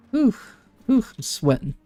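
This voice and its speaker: A man's voice: high voice, dark tone. A man streaming a game, rambling and chatting casually to his viewers and laughing often.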